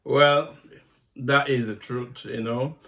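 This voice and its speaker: A man's voice: medium pitch, fairly even intonation, takes it slowly, fairly bright tone. A man co-hosting a couple's channel, chatting casually and teasing his wife back in a playful way. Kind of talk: casual chat.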